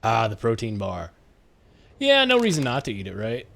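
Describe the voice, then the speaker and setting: A man's voice: mid-range voice, wildly swooping pitch, normal speed, vocal fry, a bit bright. A man in his twenties chatting casually and joking with viewers while he plays a game live. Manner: rambling, jokey, talks to chat while playing. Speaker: streamer.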